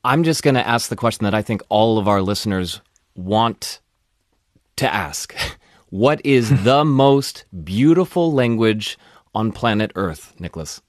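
A man's voice: on the low side, expressive, a little slow, no room sound, studio quality. A man hosting a podcast, asking playful, curious questions in casual chat. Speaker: podcast host.

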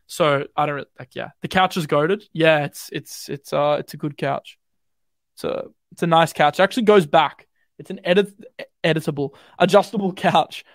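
A man's voice: a little high, no echo, studio quality. A young Australian man streaming live, rambling casually with lots of fillers while walking through trading charts. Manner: relaxed, rambling, quick and slangy with many fillers. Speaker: crypto streamer.

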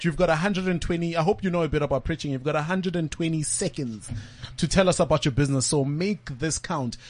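A man hosting a radio show, chatty and energetic as he counts callers down and cuts them off. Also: a little high.

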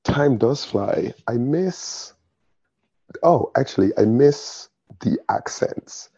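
A man's voice: mid-range voice, animated, takes it slowly, warm tone, slightly rough, no echo, dull audio. A young man from London with a British accent touched by Nigerian inflections, chatting casually as a guest and laughing often. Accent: British English with Nigerian touches. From London, England. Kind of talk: casual conversation.

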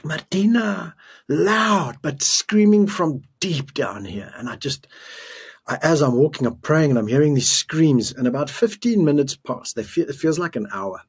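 A middle-aged man from South Africa tells a harrowing story in earnest, his voice husky and breathy at a steady middle pitch. He stops and restarts his sentences as he recalls it, in an interview setting. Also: moderate pace. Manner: earnest, emotional retelling with restarts. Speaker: guest.

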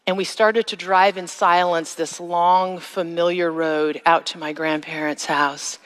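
A woman giving a sermon-style personal testimony, with slow, emphatic phrasing that rises to a high cry in the re-enacted moments. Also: little pitch movement. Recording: long reverb of a large hall.

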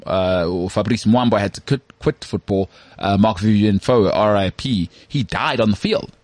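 Husky, animated man on a sports podcast. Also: fairly low pitch, normal speed, no room sound. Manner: animated, jokey, slips into mock voices. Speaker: podcast co-host. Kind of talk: casual sports chat.

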